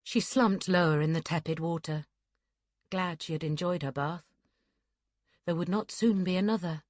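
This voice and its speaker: Low, dry-voiced woman narrating. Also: moderate pace, darkish tone, no room sound. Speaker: audiobook narrator. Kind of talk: scripted narration.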